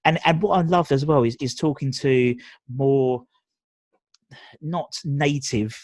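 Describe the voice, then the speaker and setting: A man's voice: mid-range voice, takes it slowly, darkish tone, no echo. A man from England, hosting a casual video interview, chatty, with frequent laughs and restarts. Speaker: podcast host.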